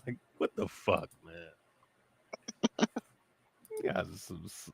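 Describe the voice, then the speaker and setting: A man's voice: deep voice, drawn-out words, vocal fry, pauses often, dry recording. A man ranting profanely in a casual podcast chat. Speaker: guest.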